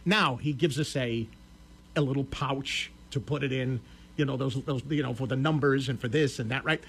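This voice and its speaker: A man's voice: mid-range voice, moderate pace, a bit bright, a little hiss or hum. A man hosting a radio show, casually telling a story with a Connecticut accent and acting out both sides of the talk. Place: radio studio.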